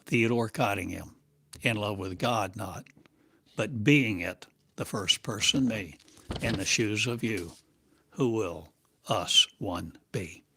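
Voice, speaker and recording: A man as a spiritual teacher, delivering a channeled monologue in slow, halting, cryptic phrases. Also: on the low side, creaky, pushed and bright, husky. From United States.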